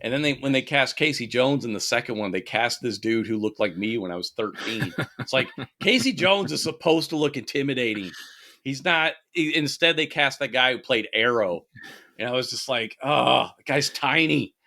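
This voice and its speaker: A man's voice: medium pitch, lively intonation, normal speed, pushed and bright. A man co-hosting a podcast, talking animatedly in casual chat, ranting and swearing freely. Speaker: podcast co-host.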